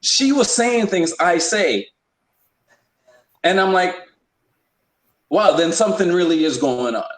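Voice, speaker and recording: A man's voice: high voice, animated, slow, long pauses, echoey room, low-quality recording. A man hosting a podcast, talking in a rambling, emphatic way with many restarts. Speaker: podcast host. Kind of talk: casual opinion talk.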